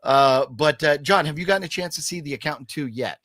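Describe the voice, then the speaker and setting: A man's voice: on the high side, a little fast, a bit bright, dry recording, studio quality. A man hosting a casual movie chat, opinionated and emphatic, rambling with restarts. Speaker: podcast host.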